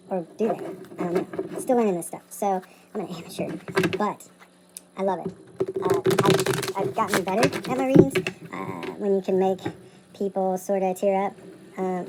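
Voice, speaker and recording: A woman's voice: medium pitch, heavy background noise. A woman reading tarot at her table late at night, talking in a loose, rambling, self-interrupting way. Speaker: tarot reader. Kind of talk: rambling casual vlog.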